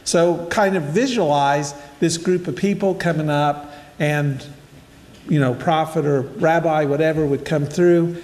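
Reading a passage of scripture and then talking it through as a story, an older preacher delivers a relaxed sermon aimed straight at his listeners. The hall is echoey; his voice is fairly high, steady, a little slow and a little mellow.

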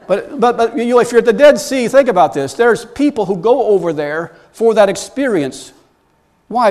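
High-voiced man preaching a lively sermon. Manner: storytelling preacher, rising to loud animated bursts. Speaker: pastor.

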